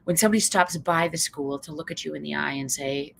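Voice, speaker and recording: A woman psychologist from Canada giving a motivational talk, lively and acting out quoted voices. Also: quick pace, vocal fry, a little hiss or hum, poor audio. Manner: lively, acts out quoted voices with big pitch jumps. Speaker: psychologist and speaker.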